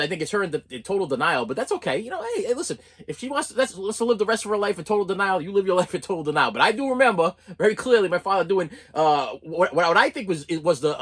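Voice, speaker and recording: A host in their forties rattling off stories at a quick clip, words tumbling over each other with lots of restarts. The voice has a husky, slightly rough edge, and the stories run on in one long animated monologue. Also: medium pitch. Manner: animated, self-interrupting, laughs at own stories. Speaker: YouTube comedy channel host. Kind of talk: rambling storytelling monologue.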